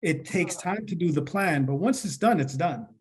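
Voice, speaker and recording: A man co-hosting a business podcast, explaining in a steady, plain-spoken way. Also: fairly high pitch, normal speed, husky. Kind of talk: casual business podcast talk.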